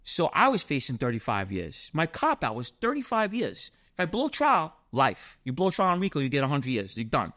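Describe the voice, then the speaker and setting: A middle-aged man with a New York accent, telling stories as an interview guest, animated and swearing often. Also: fairly high pitch, moderate pace, hardly any pauses. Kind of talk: casual storytelling.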